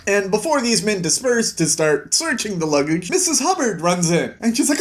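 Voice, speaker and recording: Fast, excitable male book reviewer with a fairly high voice, casual recap. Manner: quick, excitable retelling.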